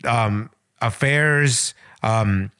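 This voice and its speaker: A man's voice: mid-range voice, very slow, sharp tone, clean tone, no echo, studio quality. A man with a Mexican-American accent co-hosting a podcast, talking heatedly and mixing in Spanish. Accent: Mexican-American English. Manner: heated, slips between English and Spanish. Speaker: podcast co-host. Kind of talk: casual chat.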